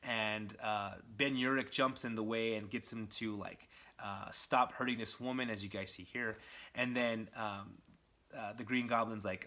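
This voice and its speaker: A man recapping a comic book in a casual vlog, excitable and chatty, with a lot of "like". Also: mid-range voice, brisk. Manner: excitable, chatty retelling full of "like".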